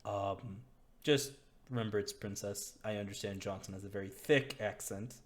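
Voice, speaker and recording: Game master, man, low voice, loose rambling narration. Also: steady tone, moderate pace. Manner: laid-back, rambling.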